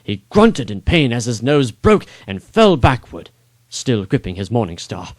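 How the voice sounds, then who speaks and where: A man reading his own first-person adventure story aloud in a dramatic, expressive way. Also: medium pitch, unhurried, no echo. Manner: expressive, rising on action beats.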